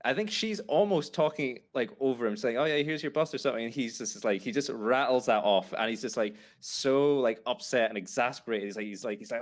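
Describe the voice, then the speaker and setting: A man's voice: medium pitch, a little fast, few pauses. A man co-hosting a casual podcast, rambling a little and quoting lines with a laugh. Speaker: podcast co-host. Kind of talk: casual chat.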